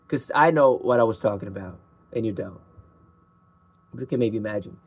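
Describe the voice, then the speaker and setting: A man, a singer-songwriter, chatting casually between his own songs in an excited, rambling, self-mocking way. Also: mid-range voice, normal speed, long pauses, husky. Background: acoustic guitar.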